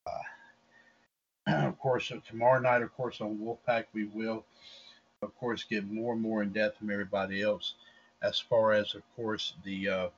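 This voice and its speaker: A man's voice: lowish voice, little pitch movement, unhurried, husky. A man co-hosting a podcast in a formal, announcer-like manner, repeating stock phrases often. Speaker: podcast co-host. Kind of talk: formal on-air commentary. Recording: dull lo-fi sound with faint background noise.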